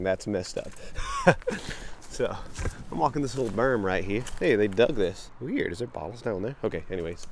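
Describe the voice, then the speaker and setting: A young man, chatting excitedly to viewers while wading a creek, sniffling from allergies. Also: lowish voice, normal speed, pauses often, a little hiss or hum. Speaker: bottle-hunting vlogger. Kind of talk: casual outdoor vlog narration. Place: outdoors in a creek.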